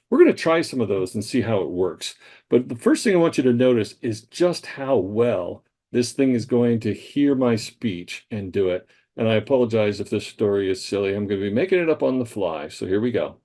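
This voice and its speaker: A man leading a live software training session, explaining tools in a casual, chatty way with frequent fillers. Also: fairly low pitch, big pitch swings, a little fast. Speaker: staff trainer.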